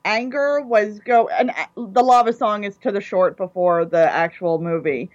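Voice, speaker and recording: A woman's voice: medium pitch, moderate pace, no echo, dull audio. A woman co-hosting a casual chat, retelling scenes with enthusiasm.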